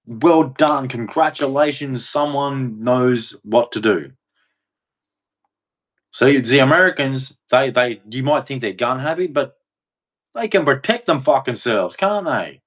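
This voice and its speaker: A man's voice: medium pitch, a little slow. A man giving an emphatic, repetitive monologue, swearing and acting out quoted voices as he goes. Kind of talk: ranting monologue.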